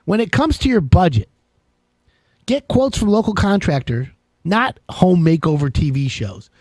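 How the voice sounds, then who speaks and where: A man hosting a live home-improvement show, talking in a rambling, jokey, excitable way. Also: high voice, a little slow, no room sound. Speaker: radio show host. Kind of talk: casual live call-in show chat.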